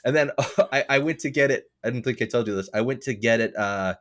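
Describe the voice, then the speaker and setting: A man's voice: fairly quick, a bit bright. Rambling, swearing man telling a story. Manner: rambling storyteller, swears freely, laughs often; acts out other people's lines in a lower voice. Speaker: podcast co-host. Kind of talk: casual chat.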